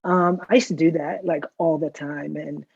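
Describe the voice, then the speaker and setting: A middle-aged woman tells stories on a video call, often tagging her lines with "right?". Her voice sits on the low side, and the sound is dull and lo-fi. It comes through dry and close. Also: fairly even intonation, moderate pace, vocal fry, darkish tone, breathy edge, no echo. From the Bronx, New York. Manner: chatty storyteller, tags lines with "right?". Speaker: customer guest. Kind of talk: casual chat.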